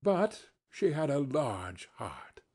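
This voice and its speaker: A man voicing a calm, grave spirit who speaks quietly and deliberately in a storybook reading. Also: a little high, breathy edge, full character voice. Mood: solemn. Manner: quiet, measured.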